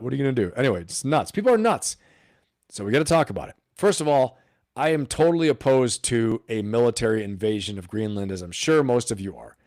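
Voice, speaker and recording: A man hosting a casual live stream, talking straight to his viewers, animated and full of rhetorical questions. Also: mid-range voice, dry recording, clean studio sound.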